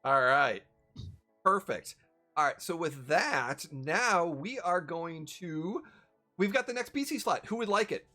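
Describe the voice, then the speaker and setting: A game master running a tabletop game, talking in a chatty, halting way with many fillers. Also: mid-range voice, lively intonation, sharp tone, soft background music.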